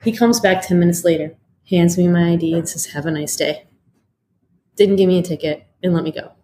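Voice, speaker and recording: 40s woman from detroit, lowish mellow voice, swears a lot, slight hiss. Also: steady tone, quick pace. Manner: frank and profane, many fillers. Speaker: guest. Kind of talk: candid interview storytelling.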